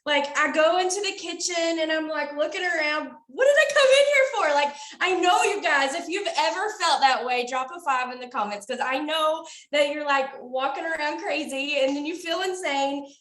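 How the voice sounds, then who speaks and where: Woman, high voice, friendly and jokey, talking to viewers from an echoey room. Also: moderate pace, hardly any pauses, a bit bright. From Tennessee, USA. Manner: chatty and joking, talks straight to the audience. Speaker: guest speaker. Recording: roomy echoey sound.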